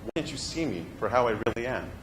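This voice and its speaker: A man's voice: mid-range voice, lively intonation, quick pace, lightly acted. A man performing a stage monologue as an earnest young male actor, confiding and at times exasperated. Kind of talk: theatrical monologue. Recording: echoey room with background noise.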